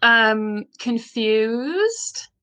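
A woman's voice: fairly high pitch, very animated, very slow, bright, forceful tone. A woman from the United States giving short, playful answers in a casual interview. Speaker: guest, new staff member.

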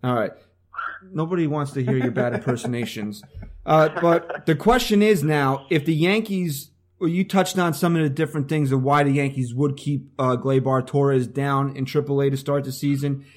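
A man with a North Jersey accent hosting a sports podcast, steering the talk with quick questions. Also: medium pitch, steady tone. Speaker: podcast host. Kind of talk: casual podcast chat.

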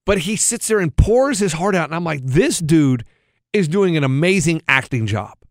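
A man cohosting a radio show, telling a story in animated, incredulous casual banter. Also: on the high side, normal speed, no echo, clean studio sound.

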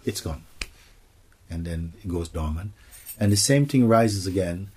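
A man's voice: sits low, lively intonation, measured pace, pauses often, very noisy. A man giving a spiritual satsang talk, playful, slipping into acted voices and laughter. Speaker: spiritual teacher.

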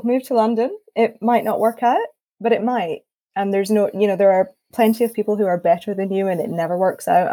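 A woman's voice: on the low side, rough recording. A Scottish woman telling her story as a guest on a panel talk, acting out the quotes as she goes. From Scotland. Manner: lively storytelling with acted-out quotes. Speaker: guest musician. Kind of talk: casual panel chat.

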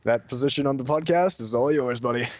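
A man's voice: mid-range voice, fast, dry recording. A man guest on a podcast, chatting in an easygoing, friendly way. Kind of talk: casual chat. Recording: dull dry lo-fi sound.

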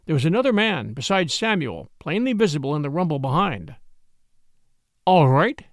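A man narrating a classic novel as an audiobook, telling it in an expressive storytelling manner. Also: a little high, fairly quick, dry recording, studio quality.

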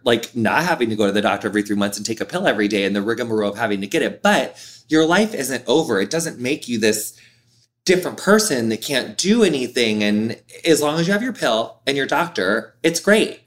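A man in his thirties, an interview guest, talking candidly in an expressive, animated way with lots of "like". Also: mid-range voice, a little fast. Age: 30s.

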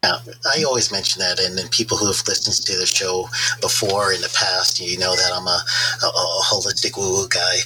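A man's voice: low-pitched, fairly even intonation, brisk, background noise. A man hosting a podcast, talking casually with many hesitant fillers. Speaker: podcast host. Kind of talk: casual interview talk.

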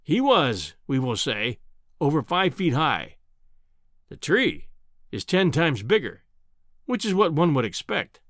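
A man's voice: a little high, very animated, slow, pauses often, fairly bright tone, no echo, studio quality, heavily acted. A man reading an audiobook, voicing a bombastic, scornful older male professor who lectures with an air of triumph. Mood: lecturing.

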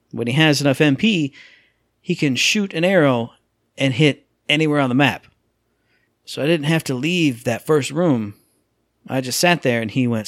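A man with a mid-range voice co-hosts a podcast at a normal speed, with no echo on the recording. He chats loosely about video games in an animated way, performing sound effects and character voices.

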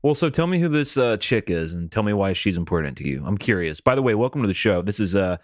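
A man hosting a casual comedy podcast, with a voice that sits a little low. He tells stories in a loose, easygoing way, and the close mic keeps the sound dry. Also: sing-song, quick pace, no room sound. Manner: laid-back, rambling storyteller. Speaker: podcast host.

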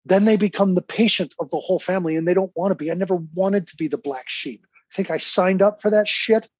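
Husky, emphatic man in his fifties. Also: sits high, fast talker, dry recording. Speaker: guest. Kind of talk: reading a personal letter, then candid conversation. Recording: slightly dull, dry sound.

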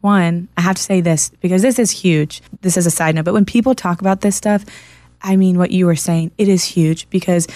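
A woman counselor in casual podcast chat, an animated and earnest storyteller. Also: fairly low pitch, a little fast, dry recording.

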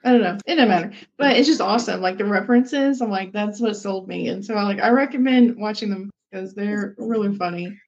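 A woman's voice: mid-range voice, a little fast, hardly any pauses, a little mellow. Young woman gabbing on a podcast, lots of ums and laughs, kinda dull lo-fi audio. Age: young adult. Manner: chatty, lots of fillers and laughs. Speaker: podcast co-host. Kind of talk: casual chat.

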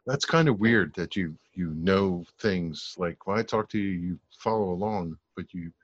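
A man with a fairly low voice hosts a podcast. He trades easygoing, joking banter with his guest. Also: normal speed, dull audio, background noise. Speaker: podcast host. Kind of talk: casual podcast chat.

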